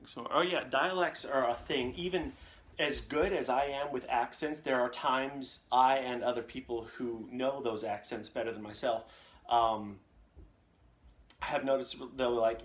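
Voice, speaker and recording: Speaking a little slowly with fairly even intonation, a young voice actor runs a casual live Q&A from his home recording setup. His mid-range voice is fairly bright, picked up by a condenser mic with a reflection shield, as he jokes and reads viewer comments aloud.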